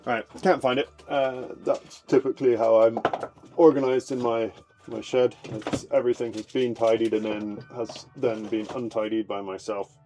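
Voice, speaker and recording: A man's voice: mid-range voice, fairly even intonation, moderate pace, mellow, faint music behind. A man casually explaining fossil preparation on a live stream from his shed, rambling with many fillers, his voice fading as he moves away from the desk mic. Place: home shed workshop. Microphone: desk mic, voice fades as he moves away.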